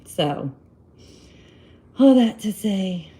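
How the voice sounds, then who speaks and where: Female streamer, mid-pitched, animated chatty storyteller, rambles through a personal anecdote. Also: extremely slow, low-quality recording. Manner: rambling, animated retelling with quoted dialogue. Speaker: live-stream host giving relationship advice. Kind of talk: casual storytelling to viewers.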